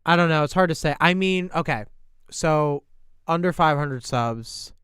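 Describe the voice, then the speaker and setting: Casual streamer, male, slight New York accent, clear smooth voice, dry close sound, chatty and halting. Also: on the high side, a bit bright, no echo. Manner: rambling, thinking aloud, many fillers and restarts. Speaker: YouTuber reviewing creator posts on stream. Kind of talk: casual livestream commentary.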